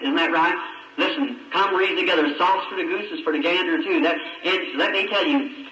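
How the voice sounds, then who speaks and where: A man preaches with fervent conviction, turning his sermon into a gripping personal story. His voice sits high and rings bright and sharp. The old archive recording catches him from across an echoing hall. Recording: echoey old archive recording from a distant mic.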